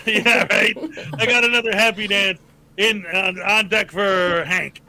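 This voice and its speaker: A man's voice: sits high, bright, forceful tone, poor audio. A man hosting a casual livestream, chatty and laughing often as he thanks supporters and hypes viewers. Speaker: livestream host. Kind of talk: casual live chat reading donations.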